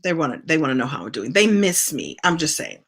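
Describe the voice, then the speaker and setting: A woman's voice: deep voice, very animated, fairly quick, a bit bright, breathy edge. A woman in her late fifties hosting a casual livestream, chatting playfully and greeting viewers by name. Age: 50s. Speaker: livestream host.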